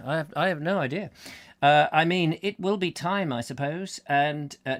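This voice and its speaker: Give me a man chatting away, silly and rambling, bright tone. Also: a little high, lively intonation, normal speed. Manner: rambling, silly, breaks into songs and voices. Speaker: host. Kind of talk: casual chat reading comments.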